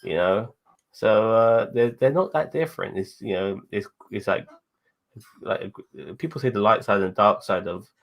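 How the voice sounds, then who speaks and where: Casual co-host, low gravelly male voice, profane and rambling. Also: normal speed. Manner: profane, rambling, laughs while talking. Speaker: podcast co-host. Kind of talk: casual chat.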